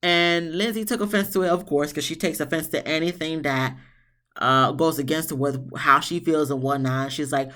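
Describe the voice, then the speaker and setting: A reviewer recapping a reality show episode in a blunt, sassy, casual way, swearing freely and jumping into high, exasperated tones. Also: fairly even intonation, normal speed, sharp tone. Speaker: TV show reviewer, channel host.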